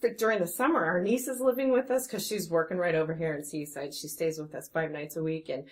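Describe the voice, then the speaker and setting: A woman's voice: deep voice, fast. A woman in her forties, a guest metalsmith, talking chattily and enthusiastically in a casual interview at her home workshop. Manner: chatty and enthusiastic, with many restarts. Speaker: guest metalsmith and jewelry designer.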